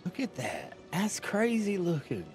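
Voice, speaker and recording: A man's voice: sits high, huge pitch swings, a little slow, darkish tone, faint music behind. A man giving casual commentary while playing a video game, chatty and thinking aloud as he makes up his mind. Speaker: gaming streamer.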